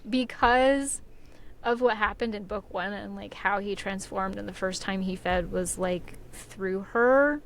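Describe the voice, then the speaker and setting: A woman's voice: mid-range voice, unhurried, slight background noise. A young woman on a podcast, chatting casually and rambling with lots of fillers and frequent laughter. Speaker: podcast co-host and author. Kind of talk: casual chat.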